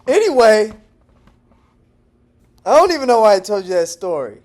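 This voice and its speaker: A man from Texas talking to camera in a casual vlog monologue, animated and digressive, jumping between loud bursts and low murmurs and laughing often. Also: moderate pace. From Texas, United States. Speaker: language-learning vlogger.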